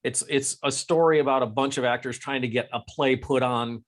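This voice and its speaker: A man's voice: medium pitch, steady tone, a little fast. An American man co-hosting a podcast, rambling through casual chat with lots of fillers and restarts. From United States. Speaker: podcast co-host.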